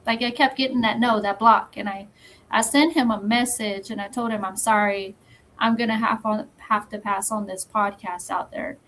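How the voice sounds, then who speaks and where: A woman talking as a podcast guest, telling a story in a measured, firm way with pauses. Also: medium pitch, steady tone, a bit bright, slight background noise, low-quality recording. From Texas. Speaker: podcast guest, magazine founder. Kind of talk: casual interview chat.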